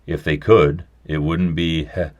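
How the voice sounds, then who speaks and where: A man's voice: a bass voice, level tone, a little slow, darkish tone. A man voicing a polished, overly polite reception clerk at heaven's gate in a storybook reading. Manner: smooth, polite and precise, growing weary.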